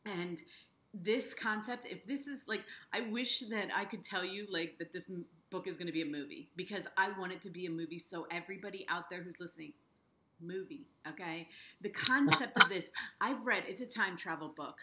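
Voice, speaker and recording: Interviewing an author, this middle-aged book reviewer is effusive and gushing, talking over herself and restarting as her words tumble out. She has a lowish voice with a sharp tone and a moderate pace.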